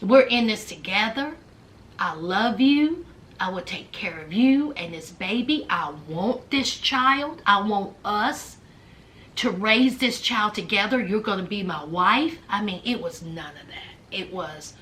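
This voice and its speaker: A woman's voice: medium pitch, lively intonation, unhurried, fairly bright tone. A woman recapping a reality show, acting out both sides of each scene and adding sassy asides. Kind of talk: casual episode recap and commentary.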